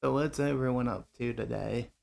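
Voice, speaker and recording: A man streaming a game, chatting casually and relaxed with his viewers, greeting them by name. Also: mid-range voice, moderate pace, gravelly. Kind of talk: casual live-stream chat while gaming. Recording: faint music behind the voice.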